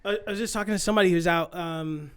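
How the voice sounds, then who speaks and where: A man hosting a podcast, chatting in a loud, blunt, crude, laughing way. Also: sits high, fast, crowd noise. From United States. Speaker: podcast host. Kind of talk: casual comedic chat.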